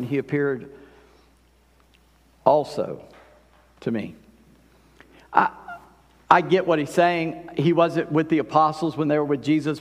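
A man preaching a sermon in a conversational way, rising and falling in volume to stress his points. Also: a little high. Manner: conversational preaching, swells and drops in volume for emphasis. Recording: long hall reverb.

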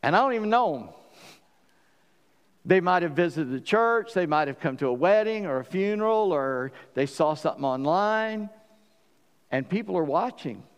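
A man preaching a sermon as pastor, lively and animated, acting out the voices in the story. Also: high voice, normal speed, smooth, in a large hall.

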